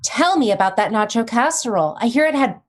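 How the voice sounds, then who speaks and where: A woman's voice: a little high, expressive, quick pace. A woman improvising as a mock-earnest news anchor in a live comedy sketch, often slipping into laughter. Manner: mock-earnest newscaster delivery, breaking into laughs.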